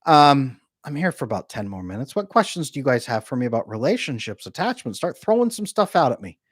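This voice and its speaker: With a mid-range, sing-song voice and a breathy edge, a relationship coach jokes and chats his way through viewer comments on a live Q&A. He laughs quickly, seated at home before a bookshelf. There's no room sound, and the quality is studio-grade.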